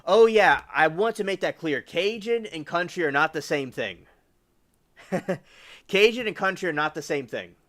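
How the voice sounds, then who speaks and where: A man's voice: a little high, a bit bright. A man from the US South hosting a livestream, rambling casually with lots of fillers and restarts. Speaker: livestream host.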